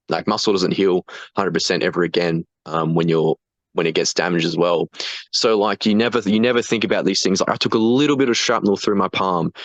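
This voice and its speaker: A man's voice: low-pitched, no room sound. A young man, a guest talking casually about being wounded, laughing often and swearing freely with lots of restarts. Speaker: guest, foreign fighter. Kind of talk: casual chat.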